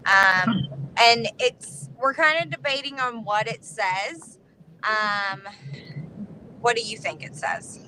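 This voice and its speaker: A woman, a paranormal investigator guest, chatting casually and telling a story in quick, animated bursts from a moving vehicle. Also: on the high side, noisy background. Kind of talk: casual chat.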